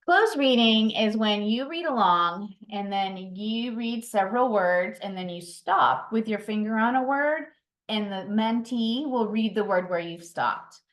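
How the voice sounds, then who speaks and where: A woman's voice: fairly high pitch, expressive, measured pace. A woman leading a training session for reading mentors, explaining routines patiently with occasional ums and self-corrections. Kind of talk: instructional training talk. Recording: roomy echo.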